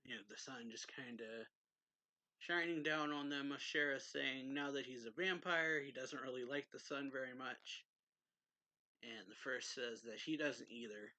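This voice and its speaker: A man's voice: medium pitch, measured pace, sharp tone, poor audio. A young man recapping a comic chapter in a loose, rambling way with lots of fillers. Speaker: manga reviewer.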